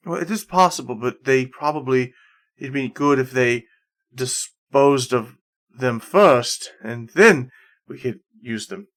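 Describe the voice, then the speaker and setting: A man's voice: medium pitch, takes it slowly, fairly bright tone. A man voicing an evasive old scholar. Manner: hesitant, evasive.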